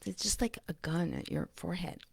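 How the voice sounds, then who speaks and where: A woman vlogging in a casual, rambling monologue, often dropping to a breathy whisper and speaking bluntly with profanity. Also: on the low side, huge pitch swings, brisk, no room sound.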